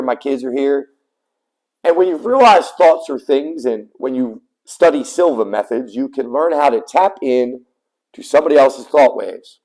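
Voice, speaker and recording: A man in a heated, profane rant straight to camera, blunt and emphatic, with sudden loud bursts as he tells his story. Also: mid-range voice, low-quality recording. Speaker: small business owner telling his custody story.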